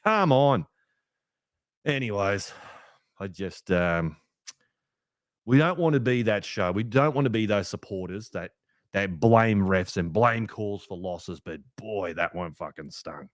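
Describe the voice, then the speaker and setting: A young Australian man hosting a fan podcast, ranting heatedly with plenty of swearing, a little rough from a hangover. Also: fairly low pitch, measured pace, no echo, studio quality. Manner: heated, sweary rant with lively swings. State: hungover, rough voice. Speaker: podcast host. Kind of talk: fan podcast match review.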